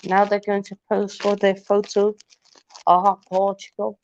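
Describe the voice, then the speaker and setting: Playful female co-host who heckles slowly, recorded on a dull, muffled mic. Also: medium pitch, completely flat delivery, a little mellow. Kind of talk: casual live commentary chat.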